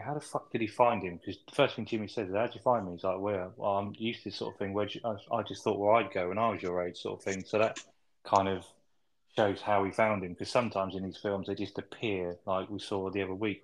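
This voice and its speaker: Male co-host, lower voice, laid-back storytelling recap, sprinkled with "you know". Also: rough recording. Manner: relaxed plot recap, hedging fillers. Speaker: podcast co-host. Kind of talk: casual film review chat.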